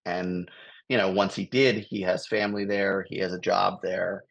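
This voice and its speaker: A man's voice: deep voice, fairly even intonation, moderate pace, creaky, lo-fi sound. An American man from Los Angeles, a touring comedian, telling a rambling story on a video call, chuckling often. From Los Angeles, USA. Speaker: guest, touring improv comedian. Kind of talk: casual storytelling.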